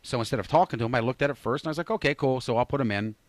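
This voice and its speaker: A man's voice: mid-range voice, racing, no echo. A man in his forties, a radio host, chatting casually and telling a story while acting out both sides of a conversation. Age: 40s. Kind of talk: casual chat.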